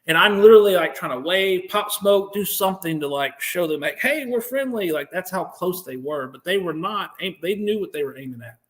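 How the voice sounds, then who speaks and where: American male guest, slightly high voice, animated, swears freely, acts out what others said. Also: brisk, hardly any pauses. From United States. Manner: profane, animated, acts out quotes. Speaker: podcast guest, veteran. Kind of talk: interview storytelling.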